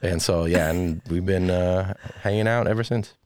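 Deep-voiced man telling animated stories. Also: moderate pace, dry recording. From Texas. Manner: animated storyteller acting out quotes. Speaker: stand-up comedian. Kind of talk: casual interview chat.

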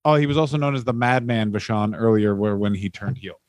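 A man's voice: lowish voice, fast, dry recording. Joking Canadian man riffing in a dry room. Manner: riffing, profane, mock-acts quoted people. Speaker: podcast co-host. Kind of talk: casual comedic chat.

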